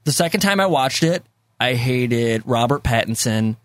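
A man's voice: medium pitch, animated, normal speed, dry recording. A man hosting a casual movie discussion podcast, rambling with many fillers and repeats, and laughing easily. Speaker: podcast host.

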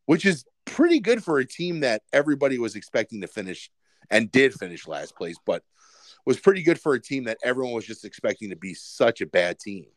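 A man's voice: mid-range voice, very animated, fairly quick, no echo. Rambling man talking football. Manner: rambling, many fillers and restarts. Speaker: podcast co-host. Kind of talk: casual sports chat.

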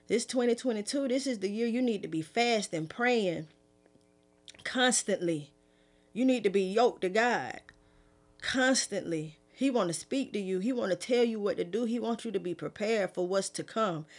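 Middle-aged woman preacher, easygoing and conversational. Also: moderate pace. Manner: fervent, pleading, raised pitch at first; relaxed conversational afterword. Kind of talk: prophetic sermon, then casual talk.

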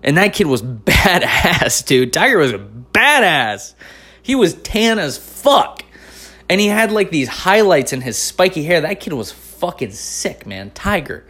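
A stand-up comedian man from North Carolina telling a long personal story, swearing often and swinging between loud outbursts and mumbled asides. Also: fairly high pitch, sing-song, measured pace, husky. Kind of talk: profane comic storytelling.

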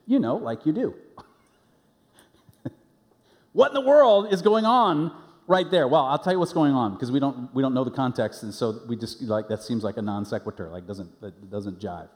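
A man's voice: mid-range voice, expressive, moderate pace, darkish tone. A middle-aged man preaching a sermon, telling the story with energy and acting out the voices he quotes. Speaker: pastor. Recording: long hall reverb.

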